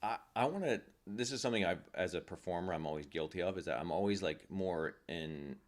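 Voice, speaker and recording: A man, a guest musician, chatting casually in a soft-spoken, rambling way. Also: low voice, fairly quick. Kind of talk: casual chat. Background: guitar playing.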